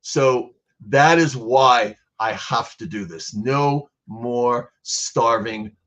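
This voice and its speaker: A man's voice: medium pitch, drawn-out words, fairly bright tone. A man being interviewed about his art program, talking earnestly and growing emotional as he tells a personal story. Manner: earnest, grows emotional while telling a story. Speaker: guest artist.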